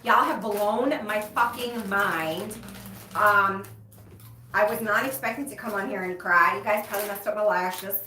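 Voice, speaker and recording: Slow-talking emotional woman in an echoey room. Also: medium pitch, pushed and bright. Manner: emotional, frank, swears casually. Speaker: livestream host, recovery coach. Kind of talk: casual livestream chat to viewers. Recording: roomy echo, distant mic.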